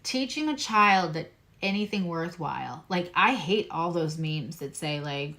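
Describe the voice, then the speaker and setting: A Long Island woman gives a casual astrology and tarot reading in a lowish, expressive, bright voice that is forceful and a little slow. She has dropped her old Long Island accent for neutral American, and she's emphatic, repeating key phrases and adding chatty asides.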